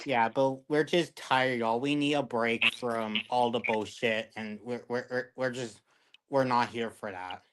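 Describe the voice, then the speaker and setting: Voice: medium pitch, fairly even intonation, measured pace, a bit bright, poor audio. A co-host chatting casually to viewers, blunt and swearing freely while backing up their partner.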